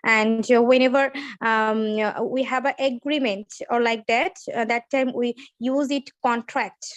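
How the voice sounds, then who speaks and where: A woman student speaking on a video call with a high voice and a dry, close sound. She is polite and hesitant, pausing with fillers as she works out her answers. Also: steady tone, no room sound, lo-fi sound. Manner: polite, hesitant, many fillers, says "ma'am". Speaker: English learner. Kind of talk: speaking practice in an online class.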